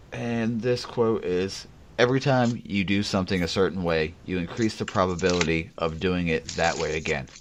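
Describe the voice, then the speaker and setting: A man with a very low voice hosts a casual podcast. He talks bluntly and swears freely as he tells a story. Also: a little hiss or hum. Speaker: podcast host.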